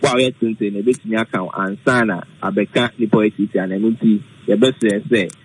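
A man explaining weather safety on the radio, halting, with many fillers, mixing English and Twi. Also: on the low side, fairly even intonation, breathy edge, rough recording. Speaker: weather forecaster guest.

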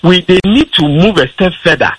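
A man's voice: high voice, expressive, normal speed, breathy edge, low-quality recording. A man, a guest on a radio discussion, arguing his position firmly with frequent restarts and fillers. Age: adult with a school-age child. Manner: argumentative, many restarts and fillers. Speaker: radio talk show guest.

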